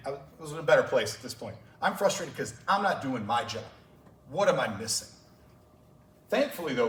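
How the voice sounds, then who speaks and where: A man who coaches track and field, telling stories to fellow coaches at a clinic with passion and open emotion. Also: medium pitch. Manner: passionate storytelling, gets emotional. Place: large conference room. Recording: echoey room, voice far from mic.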